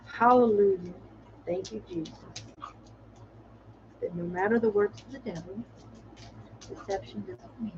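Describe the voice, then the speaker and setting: A woman's voice: mid-range voice, measured pace, pauses often, highs cut off, background noise. A woman hosting her own livestream, talking in a rambling, chatty way with frequent laughs and exclamations. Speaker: channel host. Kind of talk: casual livestream commentary.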